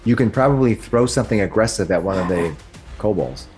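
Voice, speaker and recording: A man's voice: on the low side, lively intonation, brisk, darkish tone, faint music behind. A man running a tabletop game as game master, narrating in a rambling way and often correcting himself.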